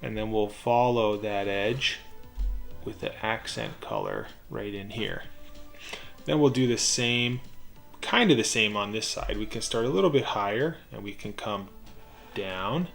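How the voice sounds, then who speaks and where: A man with a fairly low voice and a gravelly edge talks through a drawing tutorial. His delivery is calm and methodical, and he describes each line as he draws it. Faint music plays underneath. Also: unhurried. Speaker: drawing instructor.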